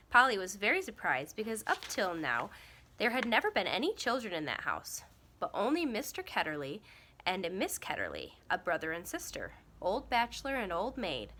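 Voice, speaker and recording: Woman reader for a children's novel; bright, expressive storytelling. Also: mid-range voice. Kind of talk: reading a children's novel aloud.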